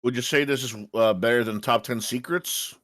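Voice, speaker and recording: A man's voice: mid-range voice, normal speed, fairly bright tone, dry recording. A man co-hosting a casual reaction stream, laid-back and chatty. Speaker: stream co-host.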